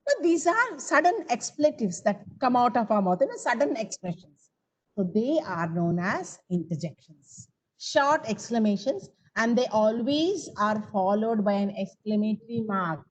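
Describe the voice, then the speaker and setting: A woman's voice: on the high side, big pitch swings, moderate pace, low-quality recording. A woman with an Indian English accent teaching grammar in an online coaching class, coaxing her students to answer her questions. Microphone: video call.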